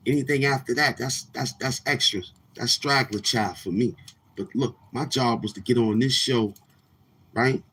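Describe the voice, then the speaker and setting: A brash man delivers a boastful, trash-talking rant as host of his own online show. His voice is husky and sits at a middling pitch, and he keeps repeating words as he presses his points. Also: measured pace, long pauses, a bit bright.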